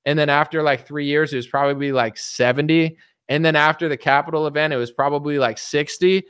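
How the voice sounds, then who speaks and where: A man doing casual political commentary, talking quickly and mockingly with many fillers and acted-out quoted voices. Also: on the high side, steady tone, a bit bright, clear, resonant tone, no room sound, clean studio sound. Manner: rapid, mocking, full of fillers.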